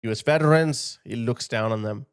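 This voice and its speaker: A man's voice: mid-range voice, normal speed, clean tone. A man giving impassioned video commentary, emphatic and indignant, driving his points home by repeating phrases. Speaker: political commentator.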